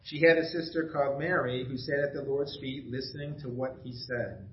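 A man's voice: medium pitch, normal speed, slight background noise. A middle-aged man preaching a casual, enthusiastic sermon, telling family stories with laughter. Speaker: pastor. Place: church sanctuary. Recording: echoey dull church recording.

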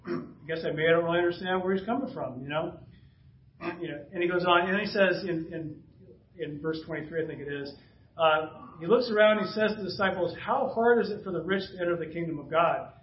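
A man's voice: fairly high pitch, slight background noise. A man in his fifties, a pastor preaching a conversational sermon, chuckling and acting out bits of dialogue. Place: church sanctuary. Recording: roomy, distant, dull church recording.

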